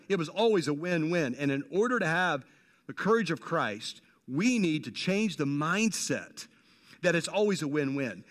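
Pastor guy preaching, slightly high voice, chatty and repetitive, big hall reverb. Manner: conversational preaching with repetitions and slang asides. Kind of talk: sermon.

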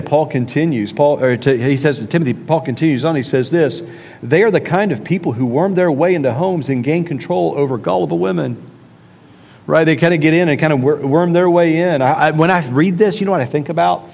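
A man's voice: fairly high pitch, vocal fry, a little mellow. A man preaching a conversational sermon with emphatic repetition. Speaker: pastor. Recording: long reverb of a large hall.

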